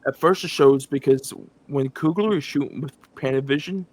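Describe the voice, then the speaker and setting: Man, podcast co-host, casual movie review chat, animated, mid-pitched voice. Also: normal speed, breathy edge, dry recording. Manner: animated retelling, acts out scenes with laughs.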